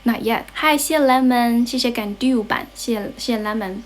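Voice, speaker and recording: A woman's voice: fairly high pitch, normal speed. A young woman from China with a Chinese accent, chatting casually on a livestream at her grandmother's home and switching between English and Chinese. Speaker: livestream host and English teacher. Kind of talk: casual bilingual livestream chat.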